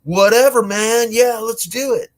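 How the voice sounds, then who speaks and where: A man's voice: very high-pitched, measured pace, dry recording, pitched above the performer's own voice. A man voicing a laid-back teenage surfer dude who drawls slang. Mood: carefree.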